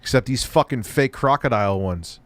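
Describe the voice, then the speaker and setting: A man's voice: mid-range voice, lively intonation, normal speed, fairly bright tone, no echo. A man giving a sarcastic, profane reaction commentary, ranting in disbelief. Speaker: commentary youtuber.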